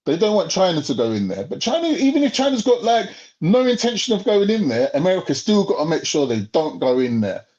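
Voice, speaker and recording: A man's voice: high voice, sing-song, brisk, hardly any pauses, a little mellow, highs cut off. A young man, ranting in a heated, profane way and firing off rhetorical questions. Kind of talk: casual podcast rant.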